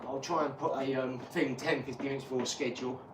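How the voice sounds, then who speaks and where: A man talks casually on a live stream while he works out at boxing, rambling from one thought to the next and swearing freely. He sounds distant from the mic in an echoey room, with loud noise behind him. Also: mid-range voice, steady tone, brisk. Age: 40s. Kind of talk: casual chat during a boxing workout. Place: home workout room.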